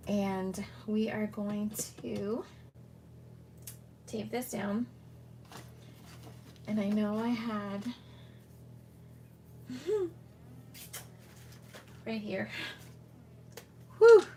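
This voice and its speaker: A woman talks slowly and chattily through a card-making tutorial, thinking aloud as she measures and tapes. Her voice sits in a middle range. A clear hum of ambient noise runs underneath the recording. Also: mid-range voice, warm tone. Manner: chatty, talks to herself while working. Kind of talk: casual crafting tutorial.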